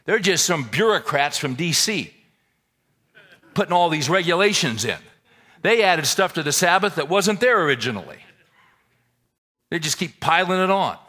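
A male pastor delivering a sermon in a bright, lifted voice. His pitch leaps about as he fires rhetorical questions and folksy asides at the room. His delivery is animated and conversational. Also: normal speed, long pauses.

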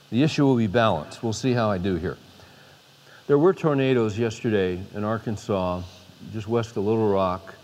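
A man's voice: lowish voice, a little mellow. A man giving an unscripted sermon from a podium, with many restarts, building to emphatic peaks. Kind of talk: informal sermon. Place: large hall with a podium. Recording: long hall reverb.

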